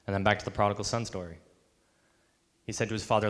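A man's voice: on the low side, fairly even intonation, fast, long pauses, fairly bright tone, big-room sound. A man preaching a sermon, earnest, acting out the voices of the people he quotes. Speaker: pastor.

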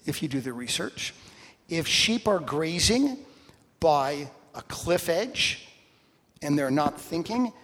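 A man preaching a sermon to a congregation in a church, swinging from loud emphasis to hushed, quiet phrases. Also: on the high side. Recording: long hall reverb.

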